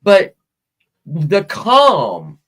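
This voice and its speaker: A woman's voice: on the low side, wildly swooping pitch, extremely slow. A middle-aged woman hosts a casual talk show and tells a personal story. Her talk rambles, with restarts and side turns. She speaks frankly and swears freely. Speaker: podcast host.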